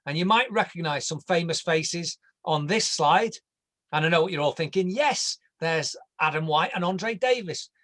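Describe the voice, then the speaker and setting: An English man walks viewers through a landscape design in an online presentation. His voice sits somewhat high for a man. He keeps it casual and jokey, and now and then trips over a word. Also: normal speed, fairly bright tone. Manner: jokey, conversational, stumbles over words.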